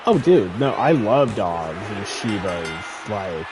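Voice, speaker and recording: A man streaming a game, telling stories in a casual, animated way with lots of swearing. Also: lowish voice, slow pace, noisy background. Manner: animated storytelling, frequent swearing. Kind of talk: casual chat while gaming.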